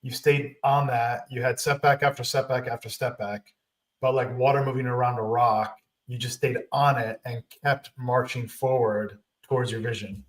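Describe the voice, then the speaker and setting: A man's voice: medium pitch, steady tone, moderate pace, far from the mic. A man hosts a podcast interview and sums up his guest's story in a reflective way. His voice carries a roomy echo and sounds set back from the microphone. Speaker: podcast host. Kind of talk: conversational interview.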